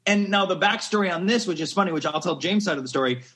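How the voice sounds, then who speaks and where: A fairly high-voiced man telling a story as a podcast guest. He talks with excitement, laughs often and wanders into asides. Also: fast. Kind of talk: animated storytelling.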